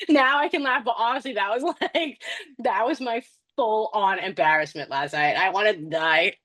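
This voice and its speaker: A woman's voice: medium pitch, unhurried, a bit bright. A young woman, a nurse, chatting casually on a podcast, telling stories animatedly, laughing often and swearing freely. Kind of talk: casual chat.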